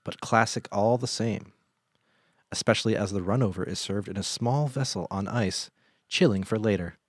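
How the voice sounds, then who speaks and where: A man with a fairly low voice co-hosts a loose, joking podcast chat. He rambles and riffs playfully. The sound is dry and close to the mic. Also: normal speed, slightly rough, no room sound. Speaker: podcast co-host. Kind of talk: casual banter.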